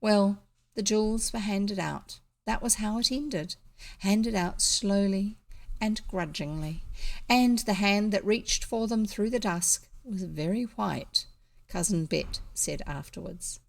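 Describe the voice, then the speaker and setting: A woman with a New Zealand accent reading a classic children's novel aloud in a relaxed way, with small asides and restarts. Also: mid-range voice, slow, creaky. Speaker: audiobook reader.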